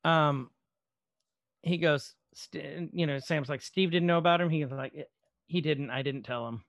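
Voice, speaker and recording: Guy on a podcast recapping an episode, kinda gravelly voice, fairly high, swears when he gets worked up. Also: a little slow, dry recording, muffled recording. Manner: animated retelling with quoted dialogue, swearing. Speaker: podcast co-host. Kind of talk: casual chat recapping a show episode.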